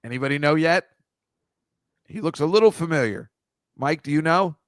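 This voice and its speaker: A man's voice: on the high side, moderate pace, dry recording, clean studio sound. A man hosting a casual comedy chat, teasing his guest with a guessing game of photo clues. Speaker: podcast host.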